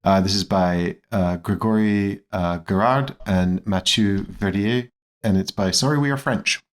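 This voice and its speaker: A man's voice: on the low side, a little slow. A man co-hosting a board game podcast, chatting casually and steering the talk between topics. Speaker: podcast co-host. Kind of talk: casual chat.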